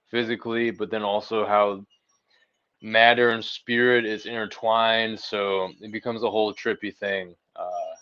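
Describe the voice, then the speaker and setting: A man's voice: fairly low pitch, fairly bright tone, smooth. A man chatting on a livestream panel, laid-back and slangy, searching for his words. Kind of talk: casual livestream panel chat. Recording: dull lo-fi online mic.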